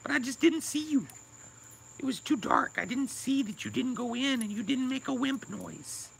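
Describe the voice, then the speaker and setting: A man putting on high sing-song baby talk, as if cooing to a pet dog. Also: expressive, moderate pace, creaky, a bit bright, breathy edge, exaggerated voice.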